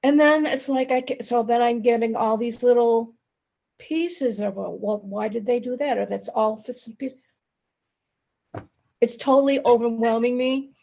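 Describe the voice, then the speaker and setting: A woman sharing personal feelings in an online study group, halting and emotional, with many restarts, over a video call. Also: on the high side, gravelly, mellow.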